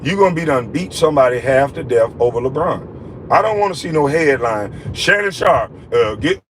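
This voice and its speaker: A man's voice: medium pitch, lively intonation, a little fast, slight background noise, poor audio. Man scolding in a profane rant. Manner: scolding, repetitive, heavy cursing. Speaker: vlogger ranting at a critic.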